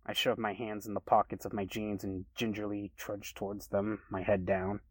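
A man reading a first-person story aloud in a relaxed, conversational way. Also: on the low side, normal speed, slightly rough, no echo, low-quality recording. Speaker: story reader.

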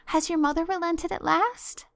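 A woman's voice: extremely high pitch, steady tone, vocal fry, a bit bright, dry recording, clean studio sound, pitched above the performer's own voice, exaggerated voice. A woman voicing a chatty, imaginative young girl who talks eagerly and dramatically. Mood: alarmed. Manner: eager, effusive, quick to dramatize.

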